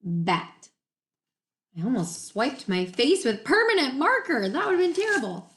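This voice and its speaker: A woman, a teacher giving a remote reading lesson to young children from home on a laptop mic, enunciating each word slowly and clearly and sounding encouraging. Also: high-pitched, very animated, fairly bright tone. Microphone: laptop computer mic.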